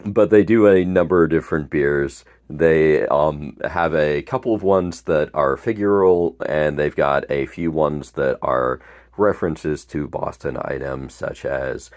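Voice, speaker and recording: A man casually unboxing and talking through a collectible beer tap handle, relaxed and rambling with small laughs. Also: extremely low pitch, a little slow.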